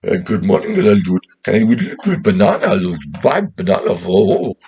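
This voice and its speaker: A man's voice: fairly low pitch, very animated, quick pace, warm tone, pitched above the performer's own voice. A man voicing a chirpy male customer at a vegetable stall, with cheery, broken phrasing.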